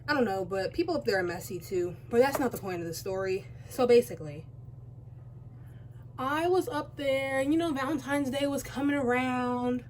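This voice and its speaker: A woman's voice: high voice, animated, moderate pace, darkish tone, slight background noise. A teenage girl chatting casually while doing her makeup, rambling and interrupting herself with asides. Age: teens. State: out of breath. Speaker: beauty vlogger. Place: home, by a window.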